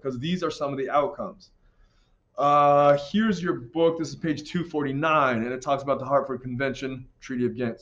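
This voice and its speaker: An American man teaching history in a casual, slangy, animated lecture over slides, recorded with dull lo-fi sound. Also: a little high.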